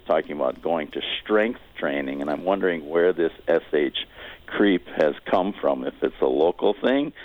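Very deep-voiced man on a phone line. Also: no echo. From Wisconsin. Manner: hesitant, thoughtful, with many fillers. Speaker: caller. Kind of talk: call-in radio question.

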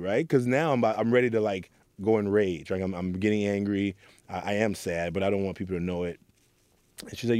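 A man's voice: on the low side, fairly even intonation, fairly quick, darkish tone, dry recording. A middle-aged man from Oakland, a youth mentor, earnestly telling his story in an interview and acting out quoted lines. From Oakland, California. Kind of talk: reflective interview talk.

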